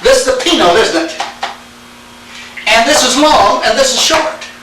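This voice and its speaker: A man's voice: very high voice, animated, a little slow, noisy background. A man teaching Greek grammar in a classroom, quizzing students with "all right?" and "now then". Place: church classroom. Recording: echoey room tape from far off.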